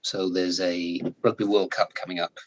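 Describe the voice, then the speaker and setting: An English man in his forties, a guest in a casual live chat, talking in a chatty, animated way and laughing often. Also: low-pitched, normal speed, background noise. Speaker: guest actor.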